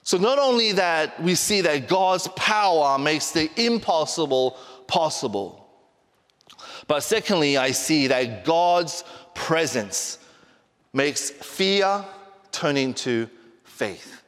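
High-voiced man preaching a sermon. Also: lively intonation, a bit bright. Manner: playful with kids, then slow and emphatic on key points. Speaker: pastor. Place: church sanctuary. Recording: long hall reverb.

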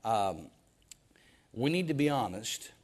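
A man preaches slowly in a medium-pitched, sing-song voice, emphatic as he presses his points. His sermon is full of rhetorical questions, with stammered restarts on repeated words.

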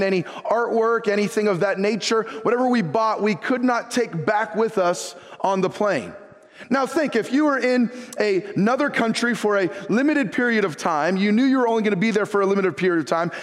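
A male pastor preaching a sermon in a church, telling stories in a conversational, folksy way and posing rhetorical questions to the congregation. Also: sits high. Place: church sanctuary. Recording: long reverb of a large room.

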